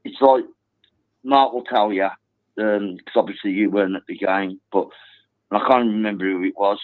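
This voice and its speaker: A man calling a football phone-in, telling a story excitedly and swearing now and then. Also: on the low side, normal speed, dry recording. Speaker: caller. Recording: tinny phone line.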